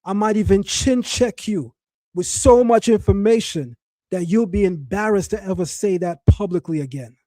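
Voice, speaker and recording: A middle-aged man born to West Indian parents hosts a commentary session, addressing a live chat in an animated, mocking and emphatic manner and often restarting his phrases. His voice is high-pitched at a moderate pace. The sound is clean studio audio with no room sound.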